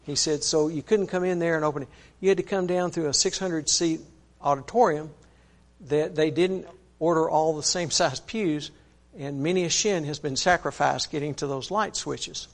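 Preacher guy telling a story in his sermon, kinda high raspy gravelly voice, folksy, lots of "he said". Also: normal speed. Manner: folksy, earnest retelling with many "he said" asides and restarts.

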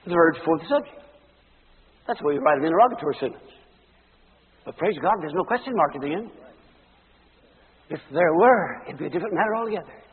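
A man preaching, swinging between loud emphatic peaks and near-whispered passages. His voice is husky and sits slightly high. The recording is thin and phone-like, with a long hall reverb behind him. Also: animated, fairly quick, pauses often. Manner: dramatic, rising to loud emphatic peaks and dropping to hushed tones. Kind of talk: sermon.

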